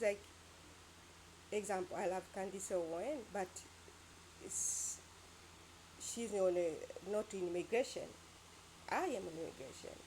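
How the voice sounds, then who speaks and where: A woman's voice: mid-range voice, a little mellow, slight background noise. Rambling, emphatic woman vlogger. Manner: emphatic, rambling, with sound-effect words. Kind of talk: casual opinion monologue.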